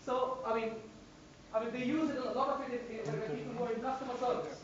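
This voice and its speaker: A woman's voice: on the high side, fast talker, noisy background. A woman trainer lectures a class, leaning hard on single words and repeating herself for emphasis. She sounds far from the microphone in a very echoey room. The sound is dull and muffled. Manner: animated, emphatic, repeats phrases for stress. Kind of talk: classroom instruction. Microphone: distant room microphone.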